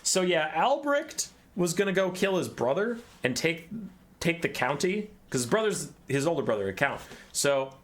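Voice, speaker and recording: A man voicing a dying male army captain who speaks in a hurried, confiding way. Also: fairly high pitch, very animated, fairly bright tone, voice pushed up. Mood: urgent.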